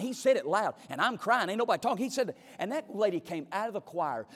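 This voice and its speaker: Pastor, high-voiced, emphatic storyteller, long hall reverb. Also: male voice. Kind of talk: sermon.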